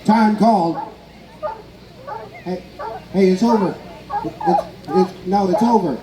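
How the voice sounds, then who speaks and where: Over an echoing public address loudspeaker, with a crowd and background noise around, a festival announcer jokes and chats through live play-by-play of an outdoor contest. The voice is medium in pitch and slow.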